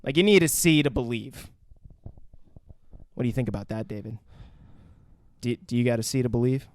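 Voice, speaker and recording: A young man co-hosting a podcast, recapping a movie in casual chat, crude and quick to laugh. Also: mid-range voice. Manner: crude, laughing, swears freely. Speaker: podcast co-host.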